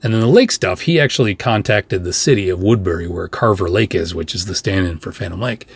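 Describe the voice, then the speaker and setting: A man's voice: low-pitched, gravelly, slightly rough. A man hosting a podcast, telling a behind-the-scenes story in a casual, chatty monologue full of asides and fillers. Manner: chatty, rambling, with frequent fillers and quick asides. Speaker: podcast host.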